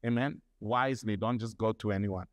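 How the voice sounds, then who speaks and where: A male pastor preaching a sermon, building up to loud repeated declarations. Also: on the low side, brisk, no echo.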